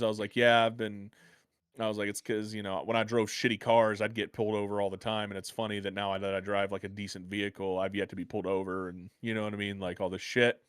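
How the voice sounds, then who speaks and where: An American man telling a rambling, profane story in a casual podcast chat, getting excited as he goes. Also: fairly low pitch, clear, resonant tone, dry recording, studio quality. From United States. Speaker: podcast co-host.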